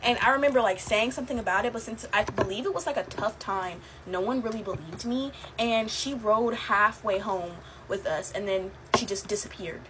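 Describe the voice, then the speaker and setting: A woman's voice: medium pitch, moderate pace, few pauses. Young woman rambling thru creepy personal stories, chatty, lots of likes n ums, bit of hum. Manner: chatty, lots of fillers, laughs while telling. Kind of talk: casual storytelling to camera.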